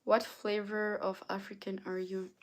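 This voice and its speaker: A woman's voice: medium pitch, little pitch movement, a little slow. A tired woman hosting a casual live stream, reading chat messages aloud and answering them. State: tired, yawning. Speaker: livestreamer.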